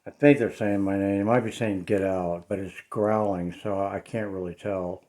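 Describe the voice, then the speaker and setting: This paranormal vlogger has a deep, slightly mellow voice with fairly even intonation and a moderate pace. Filming indoors at home, he talks casually but seems uneasy, hesitating often and leaning on fillers.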